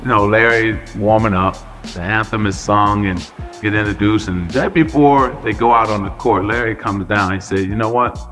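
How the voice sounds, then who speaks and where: A man giving an animated storytelling speech as a retired player paying tribute, stretching words out for emphasis. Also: on the low side. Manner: lively, drawn-out emphasis, jokes with the crowd. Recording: archive clip with faint music behind.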